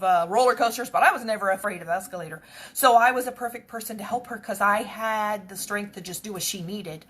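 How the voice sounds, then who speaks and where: A woman's voice: mid-range voice, a bit bright, husky. A woman earnestly retelling a personal story in a conversational, reflective way, with faith-based encouragement. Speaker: speaker sharing a personal story.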